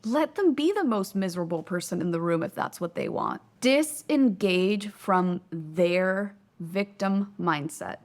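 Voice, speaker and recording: A woman hosting a self-help video, talking straight to camera in an emphatic way, slowing down to stress key words and acting out little quoted exchanges. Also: lowish voice, animated. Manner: acts out quoted speech in little skits. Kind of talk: motivational talk to camera.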